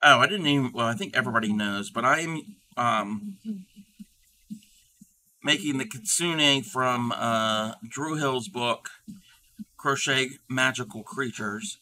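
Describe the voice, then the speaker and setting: A man with a very bright, forward voice hosts a relaxed crafting livestream. He rambles easily between topics, reading his chat aloud and answering as he goes. His pitch sits in an ordinary middle range. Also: takes it slowly. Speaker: livestream host.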